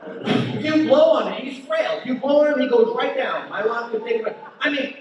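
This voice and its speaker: A man's voice: very high voice, animated, fairly quick. An Italian-American man doing a stand-up comedy set, punchy and working the crowd, sometimes mimicking his mother. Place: comedy venue with audience. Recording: distant dull echoey hall.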